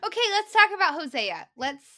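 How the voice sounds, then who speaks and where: A woman from West Virginia with a Midwestern accent, co-hosting a Bible study podcast in casual, animated chat over a video call. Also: sits high, fairly quick. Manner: chatty, animated storyteller.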